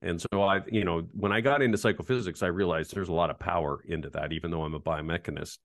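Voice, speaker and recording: Man, 50s, professor guest, low pitch, dead-dry close mic, anecdotal and self-mocking. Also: fast, dry recording. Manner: animated anecdotal, self-deprecating. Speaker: ergonomics professor, interview guest. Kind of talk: casual interview storytelling.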